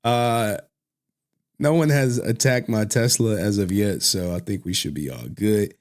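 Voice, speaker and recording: A man's voice: on the low side, a little slow. Laughing man riffing on viral clips. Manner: laughs often, loose slangy banter. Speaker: streamer reacting to clips. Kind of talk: casual reaction commentary.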